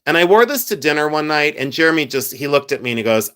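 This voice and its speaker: A man's voice: a little high, lively intonation, quick pace, hardly any pauses, bright, forceful tone. A man in his fifties hosting a live stream, telling stories in a chatty, joking way. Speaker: host. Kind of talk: casual live-stream chat.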